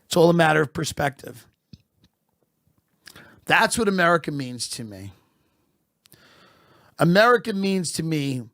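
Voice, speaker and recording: Slow, sardonic man with dry close sound. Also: on the high side, no echo. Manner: sardonic, deadpan, with bursts of laughter. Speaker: podcast host. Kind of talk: comedic rant.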